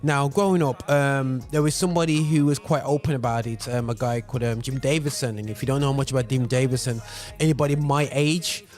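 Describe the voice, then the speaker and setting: A male radio presenter speaks in an easy, conversational way, circling his point with frequent fillers and asides. His voice sits at a middle pitch. Faint music plays underneath him. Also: fairly even intonation, fairly quick, darkish tone. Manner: conversational, many fillers, digresses. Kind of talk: casual spoken commentary.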